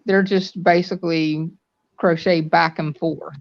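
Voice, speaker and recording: A woman's voice: lowish voice, steady tone, unhurried, gravelly, dry recording. An older woman chatting casually as a guest on a live stream, explaining things in rambling detail. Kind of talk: casual chat. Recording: dull lo-fi stream audio.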